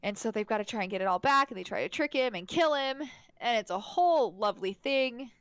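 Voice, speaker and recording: A woman's voice: a little high, expressive, a little fast, a bit bright, smooth, no echo. A young adult woman in casual podcast chat, recapping a film with many fillers, restarts and frequent laughs. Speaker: podcast co-host. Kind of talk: casual chat reviewing a movie.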